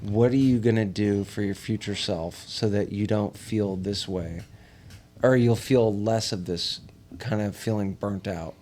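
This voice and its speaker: A man's voice: on the low side, steady tone, a little slow, dark tone. A man co-hosting a teachers' podcast, explaining earnestly in casual chat.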